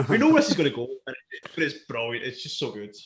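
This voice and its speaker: A Scottish man hosting a casual livestream chat, talking in an animated, sweary way and acting out lines in silly voices. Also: medium pitch, brisk, noisy background. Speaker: podcast host.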